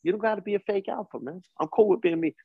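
A man's voice: sits high, fast talker, creaky, husky, no echo, phone-quality sound. A man in his forties with a New York accent, a coach telling hard-won life lessons in a podcast interview, emphatic and street-wise. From East New York, Brooklyn. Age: 40s. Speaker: guest, coach.

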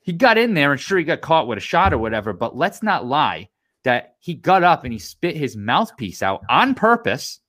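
An adult man co-hosting a casual chat show, ranting with lots of swearing. His voice sits a little high and swings wildly up and down as he gets worked up, jumping to near shouts of disbelief. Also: moderate pace. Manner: animated, profane ranting. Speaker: podcast co-host.

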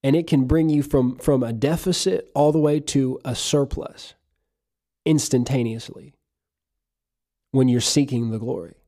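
Male preacher, sermon, mellow dark tone, earnest emphatic delivery. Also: medium pitch, steady tone, a little slow. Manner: earnest, emphatic preaching, reading scripture aloud.

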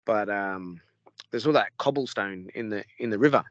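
An Australian man, a podcast guest, telling a story in a rambling, animated way with lots of swearing. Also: on the low side, normal speed, no room sound, lo-fi sound. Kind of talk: casual storytelling.

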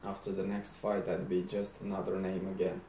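A man narrating a first-person story aloud in a measured, deadpan manner. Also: low-pitched, a little hiss or hum. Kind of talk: first-person audiobook reading. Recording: roomy echo.

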